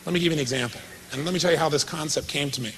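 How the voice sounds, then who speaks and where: A man's voice: fairly high pitch, very fast, a bit bright, a little hiss or hum, poor audio. A man giving a motivational seminar talk, telling a story with quoted dialogue and questions to the audience. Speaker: motivational speaker.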